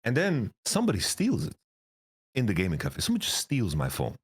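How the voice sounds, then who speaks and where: An animated young man recounting wild stories in a loose, casual interview. His pitch swings widely as he acts out the people he quotes, and he swears and laughs often along the way. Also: a little fast, breathy edge. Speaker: esports coach, guest.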